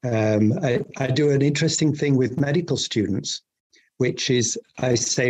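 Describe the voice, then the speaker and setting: Husky-voiced English doctor, earnest. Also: male voice, mid-range voice, a little mellow. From England. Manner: earnest, thoughtful, halting restarts. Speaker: GP guest. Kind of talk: casual interview chat.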